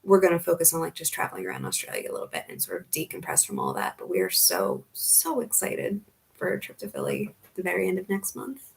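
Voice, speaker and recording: A woman's voice: low-pitched, wildly swooping pitch, quick pace, gravelly. A young American woman from the Philadelphia area living in Australia, chatting casually while she answers viewer questions in a live stream. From United States, Philadelphia area. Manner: chatty, reads out viewer comments and answers them.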